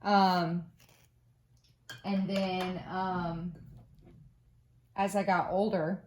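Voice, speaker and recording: A woman in her forties talks in a relaxed, meandering way, filling pauses with ums and uhs as she tells stories. Her voice sits a little on the low side. She sounds like a crafting vlogger chatting to her viewers. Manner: rambling storyteller with many fillers. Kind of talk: casual chat.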